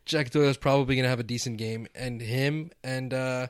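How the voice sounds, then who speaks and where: A man's voice: mid-range voice, steady tone, a little fast, clear, resonant tone, dry recording. Joking man, dry close sound. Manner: joking, teasing banter. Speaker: podcast co-host. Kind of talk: casual chat.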